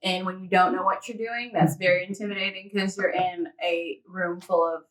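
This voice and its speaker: A woman's voice: lowish voice, steady tone, moderate pace. A woman guest in a casual interview, chatty and laughing often, acting out little quotes as she talks. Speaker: interview guest, fitness model. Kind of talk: casual chat. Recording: echoey room, distant mic.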